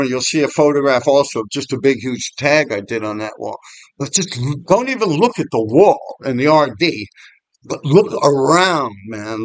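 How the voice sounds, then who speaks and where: A man's voice: mid-range voice, dry recording. A middle-aged man telling old graffiti stories in a rambling, profane, laughing way. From New York City. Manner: swears a lot, rambling, laughs often. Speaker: graffiti writer vlogger. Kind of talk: casual storytelling. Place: outdoors on a walking path.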